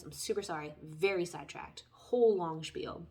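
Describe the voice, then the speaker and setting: A chatty woman reads tarot cards and talks straight to her viewers. She wanders into side stories and apologizes for them. Her voice swings between loud bursts and soft, near-whispered asides. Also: lowish voice, moderate pace. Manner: chatty, tangents, lively swings in loudness. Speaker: tarot reader. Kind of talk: casual spoken tarot reading.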